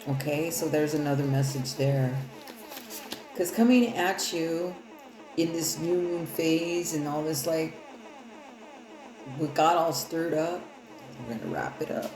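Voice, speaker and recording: Low-voiced lady rambling thru a tarot reading, swears a lot, roomy echo. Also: a little slow, pauses often. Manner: loose, profane, rambling. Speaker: tarot reader. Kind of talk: casual tarot reading livestream. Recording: echoey room with loud music.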